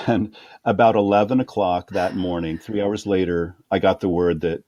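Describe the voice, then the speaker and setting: A middle-aged man, a conductor, telling career stories in an interview, acting out other people's voices with quick laughs. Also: deep voice, no echo, dull audio. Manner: animated anecdotes, acting out quoted voices with laughs. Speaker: guest conductor. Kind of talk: storytelling interview.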